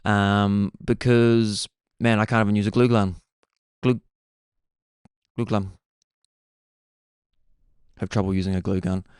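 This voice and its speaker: A man's voice: lowish voice, flat delivery, slow, long pauses, darkish tone, clear, resonant tone, dry recording, studio quality. A young man hosting a podcast, talking in a laid-back, meandering way and dropping "bro" often. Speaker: podcast host. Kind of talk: casual rambling monologue.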